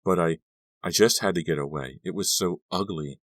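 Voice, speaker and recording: A man's voice: sits low, normal speed, fairly bright tone, no echo, clean studio sound. A man doing a kittenish teenage girl. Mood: teasing.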